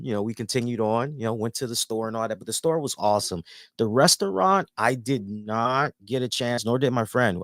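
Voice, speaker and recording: A man's voice: fairly low pitch, dry recording, clean studio sound. A man hosting a casual review show, telling a rambling story with plenty of swearing. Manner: animated, rambling, swears freely. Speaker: host and columnist.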